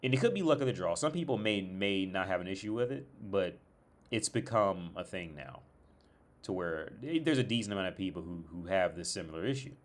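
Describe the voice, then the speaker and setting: A young man from the States rants casually about his troubles, swearing freely and tripping over his own words. His voice sits fairly low, and he sounds fed up and sarcastic as he talks. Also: animated, a little fast. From United States. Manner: profane, exasperated storytelling with many restarts. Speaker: streamer. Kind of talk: casual rant.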